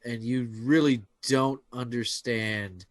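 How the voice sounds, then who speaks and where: A man hosting a podcast in casual chat, giving relaxed reactions. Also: mid-range voice, takes it slowly, no room sound. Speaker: podcast host.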